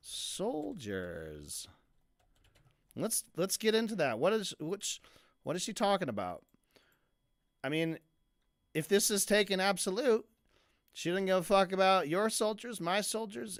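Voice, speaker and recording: A man giving sarcastic, profane commentary as a streamer reacting to a video, with lots of halting restarts. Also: high-pitched. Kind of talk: casual commentary.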